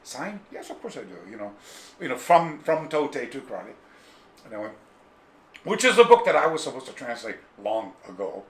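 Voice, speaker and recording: A man with a mid-range voice, speaking at a moderate pace and pausing often, is an interview guest and karate author telling a long, casual, digressive anecdote with lots of animation and imitations of the people in his story. He's in a room at his home, and the recording sounds echoey with faint ambience.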